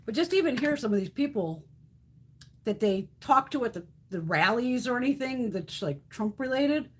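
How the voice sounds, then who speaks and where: A woman's voice: fairly high pitch, expressive, moderate pace, a little hiss or hum. A woman hosting a casual live stream, ranting bluntly and profanely, reacting to chat comments as she goes. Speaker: beauty livestream host.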